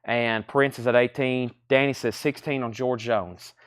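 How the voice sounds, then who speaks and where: Man with a smooth voice selling records. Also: mid-range voice, fairly even intonation. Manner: brisk, repeats titles and prices as he lists them. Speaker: record seller hosting a live sale. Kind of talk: live online sales stream.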